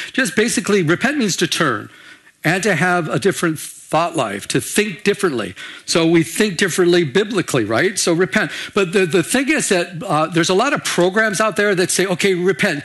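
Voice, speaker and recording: An older male pastor delivers his sermon in an easy, conversational way, repeating words and restarting sentences as he thinks aloud. His voice sits a little higher than most men's, and he keeps asking the room for an amen. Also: a bit bright.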